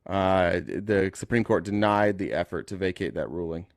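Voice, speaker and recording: A man hosting a live call-in political talk show, speaking casually, joking and thinking out loud as he reads the news. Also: sits low, moderate pace, no room sound, clean studio sound. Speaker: host.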